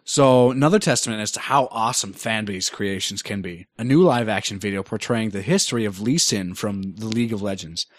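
A man's voice: on the low side, fairly quick, hardly any pauses, dry recording, clean studio sound. Laid-back young man co-hosting. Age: young adult. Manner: laid-back, rambling, jokey. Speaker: podcast co-host. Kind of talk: casual chat.

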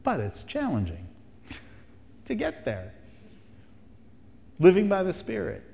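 A pastor with a slightly high voice preaches to his church, pressing his points with rhetorical questions and phrases that he repeats. His sermon rings out with a long reverb, as in a large hall. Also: huge pitch swings, slow, gravelly, dark tone, a little hiss or hum.

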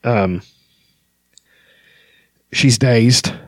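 A man's voice: mid-range voice, drawn-out words, no room sound, studio quality. A man casually talking through a book he is reading, with frequent filler words. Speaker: book reviewer.

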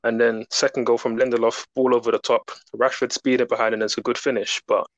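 A man, a podcast guest giving fluent, relaxed football analysis. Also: medium pitch, fast, dry recording, poor audio.

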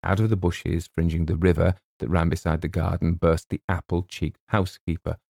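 A man reads a comic story in a deep, gravelly voice with a lot of lift and fall. His tone is dark and mellow, and it sits close and dry. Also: level tone, fairly quick, no echo. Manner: droll, wry storytelling. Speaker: audiobook narrator. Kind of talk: scripted narration of a comic story.

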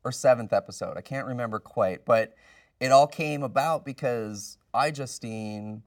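A man's voice: medium pitch, moderate pace, no room sound, studio quality, distant mic. A man who is a guest and cartoon creator, telling stories in a casual podcast chat. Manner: animated storytelling.

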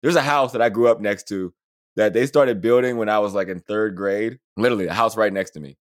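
Upbeat man in his thirties chatting. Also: on the low side. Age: 30s. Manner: animated, laughs often, quick asides. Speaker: podcast co-host. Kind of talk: casual sports chat.

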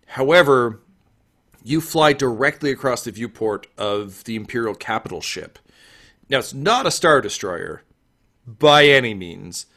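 A man narrating a tabletop game as game master, lively and animated. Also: medium pitch. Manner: lively, animated, loose with fillers.

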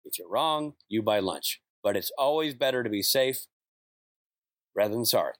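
A man's voice: on the low side, moderate pace, no echo, clean studio sound. A man with a slight lisp and loose diction, a podcast guest talking casually and poking fun at himself. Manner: self-deprecating, animated storyteller.

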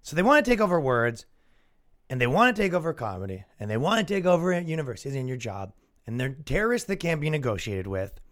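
A man's voice: on the high side, big pitch swings, quick pace, a bit bright. A young man with a Canadian accent hosting a solo comedy podcast, ranting sarcastically, swearing and mock-quoting the other side. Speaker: podcast host.

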